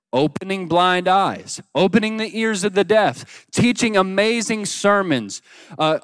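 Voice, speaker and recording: A man preaching a sermon, swinging between loud pleading cries and quiet, hushed lines as he acts out the story. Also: high-pitched, no echo, clean studio sound. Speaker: pastor.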